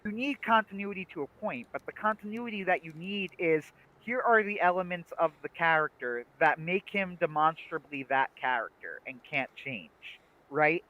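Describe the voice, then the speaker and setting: A man's voice: fairly high pitch, animated, moderate pace, muffled recording. A man co-hosting a livestream, chatting casually and making emphatic, opinionated points. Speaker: livestream co-host. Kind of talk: casual chat.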